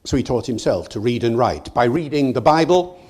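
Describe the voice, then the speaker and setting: A man's voice: mid-range voice, fairly quick, breathy edge. Older male lecturer telling a story. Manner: storytelling, lively, addresses audience directly. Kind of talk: public lecture.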